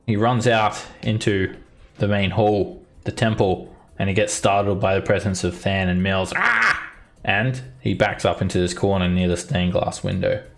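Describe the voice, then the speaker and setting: A man's voice: deep voice, level tone, moderate pace, gravelly. A man narrating a tabletop role-playing game as its dungeon master, with vivid descriptions.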